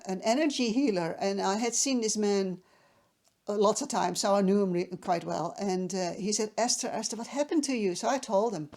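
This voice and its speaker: A woman's voice: medium pitch, a little mellow. A woman from the Netherlands telling a personal story to the camera, hesitant and emotional, with many restarts.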